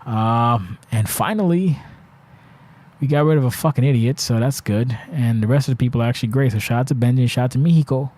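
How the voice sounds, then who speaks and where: A man's voice: mid-range voice, brisk, darkish tone. Rambling, profane male podcast host. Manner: rambling, profane, exasperated ranting with frequent restarts. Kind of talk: solo podcast monologue.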